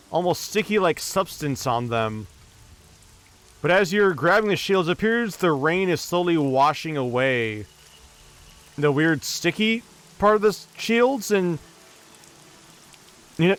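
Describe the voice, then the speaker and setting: A man narrates a tabletop adventure as game master. His voice is smooth and resonant and sits a little high. He lays out each scene slowly and deliberately. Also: animated, a bit bright.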